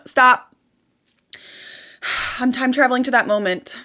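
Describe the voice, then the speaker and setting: A young woman vlogging about manifestation, talking in an emphatic, animated way and repeating herself for effect. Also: high voice, normal speed, pauses often. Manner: animated, emphatic, repetitive, swears casually. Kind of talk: casual motivational vlog.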